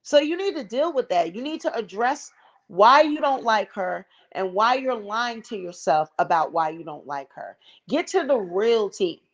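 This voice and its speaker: A woman's voice: medium pitch, animated, normal speed, dull audio. A woman hosting a casual gossip commentary vlog, blunt, sassy and profane. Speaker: vlog host.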